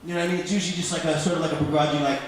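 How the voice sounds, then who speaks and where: In an echoey club hall, a man in his thirties runs through a rambling, self-deprecating stand-up set as the audience laughs. His voice sits a little high with fairly even intonation, and he talks very fast over a slight hiss or hum.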